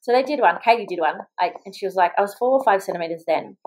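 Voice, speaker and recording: Expressive and medium-pitched, a young Australian mother recounts her story as a podcast guest. She is chatty and quick, full of "like" and acted-out quotes, heard through poor audio.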